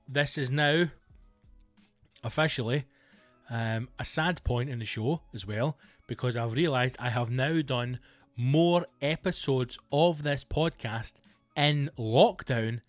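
A Scottish man rambles through his own podcast in a loose, joking monologue. His voice sits at an ordinary middle pitch and is recorded close and dry. Faint music plays underneath. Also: no room sound. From Scotland. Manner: rambling, jokey, with playful put-on bits. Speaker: podcast host, comedian. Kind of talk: casual comedic monologue.

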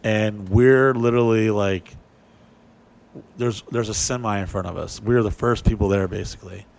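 A man casually telling a story, animated and profane, acting out what people said in a raised voice. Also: fairly low pitch, normal speed, creaky, slight background noise.

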